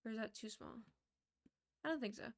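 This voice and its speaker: Young female streamer with a slightly high, creaky voice; chatty and relaxed, mutters while she works. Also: fairly quick. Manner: mutters and counts under her breath, chatty storyteller. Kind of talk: casual chat while building in a game.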